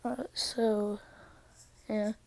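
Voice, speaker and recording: A woman video creator casually narrating a fan story she makes up, soft-spoken and hesitant with many fillers. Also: mid-range voice, level tone, extremely slow, vocal fry.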